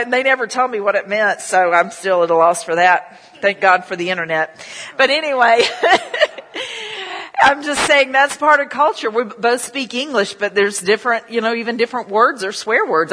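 A woman's voice: medium pitch, a bit bright. Woman preaching in a reverberant hall. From southern United States. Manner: chatty, storytelling, many "you know" asides. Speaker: pastor. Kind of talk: sermon with prayer and personal stories.

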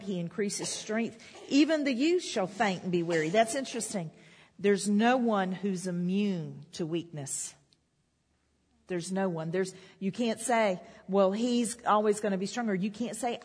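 A woman's voice: medium pitch, slightly rough. A woman preaching a sermon, repeating declarations with rising emphasis. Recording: long hall reverb.

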